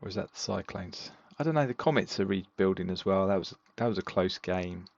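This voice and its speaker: Low gravelly man chatting casually. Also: brisk, dull audio. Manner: relaxed, rambling with fillers. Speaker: podcast co-host. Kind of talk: casual chat reviewing fantasy football games.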